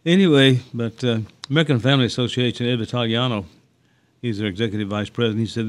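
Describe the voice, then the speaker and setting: A man's voice: medium pitch, fairly even intonation, fast. Rambling male talk radio host. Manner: rambling, with many fillers and restarts. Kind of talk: casual talk radio chat.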